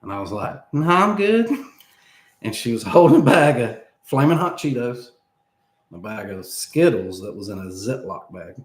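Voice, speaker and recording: A man in his thirties spins a long, animated story in conversation, laughing as he goes and performing the quoted speech. He has a lowish voice and an unhurried pace, and the recording is reverberant.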